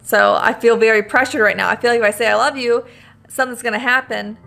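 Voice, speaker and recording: A young woman commentating a game for her audience in a blunt, reactive way that doesn't shy from swearing. Her voice sits high with a gravelly edge, and faint music plays underneath. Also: fairly even intonation, fast, bright, forceful tone. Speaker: gaming video host. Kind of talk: let's-play commentary.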